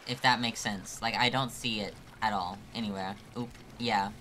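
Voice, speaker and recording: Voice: medium pitch, steady tone, moderate pace, pushed and bright, slight background noise. A live streamer commenting on a hard climbing game, exasperated and self-mocking, joking about being about to cry.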